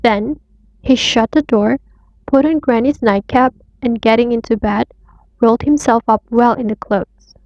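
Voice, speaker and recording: Female storyteller from Indonesia, clear and measured, slightly high voice, lo-fi audio. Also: fairly even intonation, no echo. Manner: clear and measured for English learners. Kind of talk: scripted storybook narration. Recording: dull lo-fi audio.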